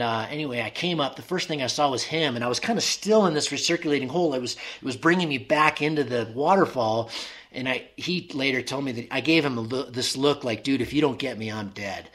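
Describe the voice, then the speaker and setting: A man of mid pitch speaks as a guest in a casual interview, telling a story as it comes to him. He stops and restarts often. He acts out the voices in his head as he goes. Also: a bit bright. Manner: halting, many restarts, acts out remembered inner dialogue.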